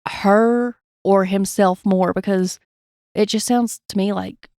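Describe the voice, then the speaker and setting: A woman's voice: mid-range voice, steady tone, takes it slowly, a little mellow, dry recording. A woman hosting a true crime podcast, reading a transcript aloud with blunt personal asides, in a dry recording. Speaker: podcast host.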